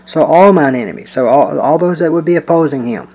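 A man teaching a Bible lesson, explaining verses in a measured way with occasional hesitant fillers and reading scripture aloud slowly. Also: a little high, darkish tone, breathy edge, rough recording.

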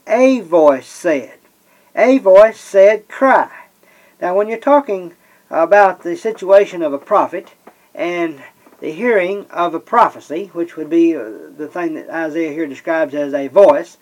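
A man preaching a Bible-teaching sermon. He slows down and leans on the scripture he reads, and pauses often with "uh". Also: high voice, rough recording. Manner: slows and stresses scripture readings, many "uh" pauses.

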